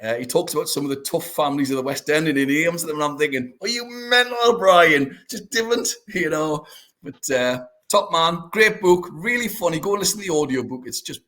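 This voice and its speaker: Enthusiastic man, slightly high. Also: animated, a little fast, fairly bright tone. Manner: enthusiastic, anecdotal, laughs often. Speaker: podcast host. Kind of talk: casual chat.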